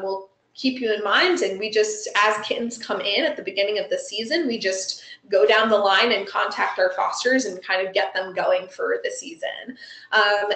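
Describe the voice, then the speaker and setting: Woman presenter, mid-pitched, chatty webinar delivery full of ums, recorded with a roomy echo. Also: fairly bright tone. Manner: friendly, chatty, frequent ums and you-knows. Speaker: animal shelter foster program presenter. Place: Los Angeles area.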